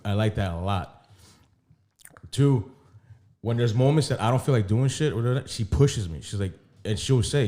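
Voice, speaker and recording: A man's voice: mid-range voice, normal speed, long pauses, dark tone. A man co-hosting a casual podcast, talking candidly and profanely about his relationship. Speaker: podcast co-host. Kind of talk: casual chat.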